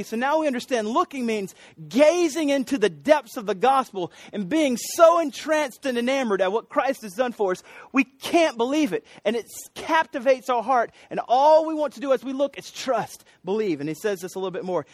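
A man's voice: high-pitched, animated, a little fast, no room sound, studio quality. A man preaching a sermon, retelling a story and rising into emphatic, repeated cries.

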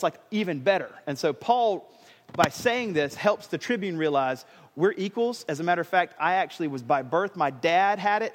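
A man's voice: sits high, big-room sound. A man preaching a sermon in a casual, joking way, with modern slang. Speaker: pastor.

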